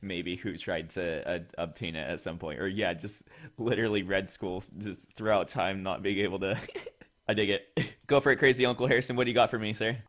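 A man's voice: deep voice, steady tone, brisk, fairly bright tone. A man hosting a casual podcast, talking in a rambling way with many fillers. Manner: rambling, filler-heavy, laughs a lot. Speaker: podcast host.

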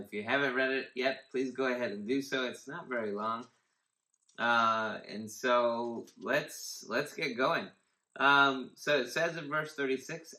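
Pastor, male, unhurried casual devotional teaching, rambling and chatty, crisp bright tone. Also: medium pitch, reverberant, rough recording. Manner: conversational, rambling with fillers and restarts.

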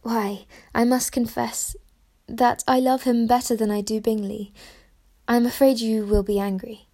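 A woman's voice: on the high side, level tone, normal speed, dark tone. Woman doing a witty, playful young woman. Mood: sheepish.

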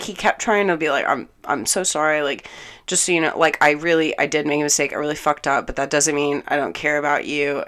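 A young woman with a low, dark-pitched voice tells a story in a casual vlog. She is angry and exasperated, swears often and acts out each side of an argument with lively energy. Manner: animated, swears a lot, acts out both sides of the argument.

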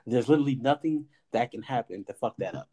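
A man hosting a podcast, telling a personal story in casual chat with animated delivery, acting out quoted dialogue and swearing now and then. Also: medium pitch, quick pace. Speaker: podcast host.

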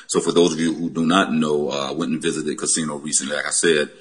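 A male podcast host with an extremely deep, husky voice talks casually with his guests. He fills his sentences with "you know" and "man". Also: flat delivery, fast talker, a bit bright. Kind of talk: casual chat.

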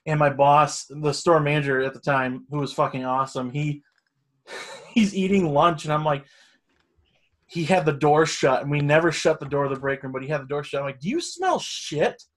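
A man's voice: a little high, fairly even intonation, moderate pace. A middle-aged man telling a long story in casual chat, rambling and swearing freely. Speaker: storyteller guest.

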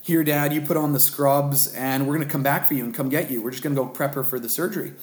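A man in his thirties telling a story casually, acting out the dialogue with lively laughs. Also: a little high, fast talker, reverberant. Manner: animated, acts out dialogue, self-deprecating laughs. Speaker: guest telling a birth story.

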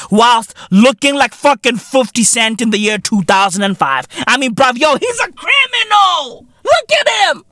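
Man, podcast host, mocking profane rant, swooping animated pitch, dry close sound. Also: moderate pace, hardly any pauses, dry recording. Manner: loud, profane, mocking, often breaks into shouts and laughs.

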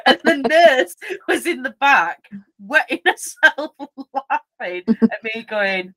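A woman co-hosting a podcast, telling a story in lively casual chat, acting out voices, laughing and swearing. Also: mid-range voice, slow pace. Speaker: podcast co-host.

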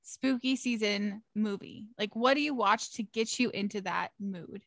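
A woman's voice: medium pitch, unhurried, gravelly, a bit bright, dry recording. A young woman co-hosting, talking casually with lots of fillers and giggles. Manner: rambling, filler-heavy, giggly. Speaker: podcast co-host. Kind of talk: casual chat.

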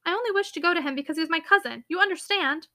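A woman reading the part of a spirited young heiress in a classic novel audiobook, firm and slightly stern. The voice is bright and brisk, and it sounds used to giving orders. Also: very high voice, pitched above the performer's own voice, heavily acted.

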